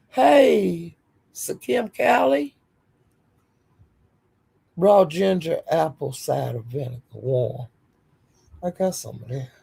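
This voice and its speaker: A woman's voice: on the high side, creaky, mellow, slightly rough. A woman hosting a casual livestream, greeting viewers by name and speaking bluntly and defiantly. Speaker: livestream host.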